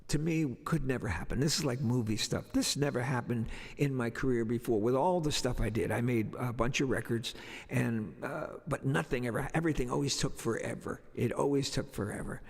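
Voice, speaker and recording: A man, a singer-songwriter, telling a rambling, animated story on a livestream. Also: medium pitch, normal speed, gravelly, husky, long reverb tail.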